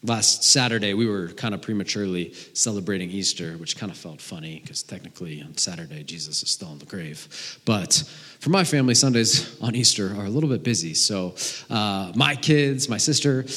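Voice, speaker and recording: Earnest pastor man in a reverberant hall. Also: lowish voice. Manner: earnest, swinging from emphatic to hushed; repeats words as he restarts. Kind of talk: sermon. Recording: long reverb of a large hall.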